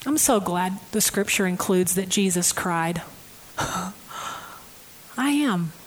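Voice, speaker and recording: A woman preaching a conversational sermon, emotive and personal, moving from hushed, near-whispered passages to loud, stirring ones. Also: lowish voice, animated, takes it slowly, slight background noise, poor audio.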